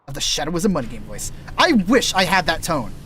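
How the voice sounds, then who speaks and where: A fast-talking male streamer with a high-leaning, slightly bright voice and big pitch swings rambles while he games. He trails off and restarts frequently, explaining voice-acting tricks in a laid-back teaching manner through a dry, scratchy throat.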